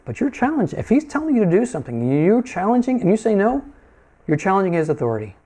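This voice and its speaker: A man's voice: high-pitched, big pitch swings, fast talker, warm tone. A man preaching a sermon in a conversational, folksy way, often asking his listeners questions.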